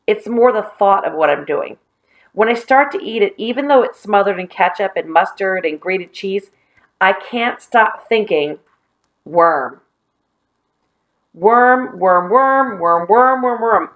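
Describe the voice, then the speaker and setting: A woman's voice: mid-range voice, lively intonation, unhurried, dull audio, natural voice. A woman reading aloud, voicing a stubborn but weary, queasy boy who talks in tired, earnest sighs.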